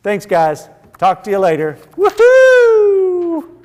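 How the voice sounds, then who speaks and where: Male Bible teacher, slightly high voice, slow and deliberate, earnest, long hall reverb. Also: lively intonation, a little hiss or hum. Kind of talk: church Bible class teaching.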